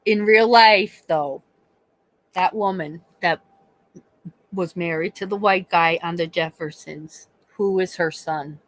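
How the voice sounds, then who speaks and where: A woman's voice: fairly low pitch, takes it slowly, dry recording, low-quality recording. A woman from Pennsylvania hosting a casual live stream, chatting with her viewers in a rambling way, swearing freely and often trailing off mid-thought. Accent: Northeastern Pennsylvania. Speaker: livestream host chatting with viewers.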